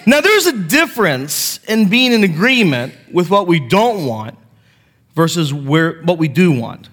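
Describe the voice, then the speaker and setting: Pastor with a higher voice, reverberant sanctuary. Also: male voice, expressive, a little slow, fairly bright tone. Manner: conversational, self-deprecating storytelling. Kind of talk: sermon. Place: church sanctuary. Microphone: handheld mic. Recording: long hall reverb.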